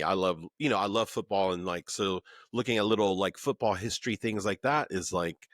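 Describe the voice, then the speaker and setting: A man's voice: sits low, fairly bright tone, no room sound, studio quality. A man in his thirties from the Pacific Northwest hosts a remote podcast, asking chatty questions full of "like" and "man". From Pacific Northwest, USA. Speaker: podcast host. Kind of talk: casual remote podcast interview. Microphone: remote recording, podcast mic.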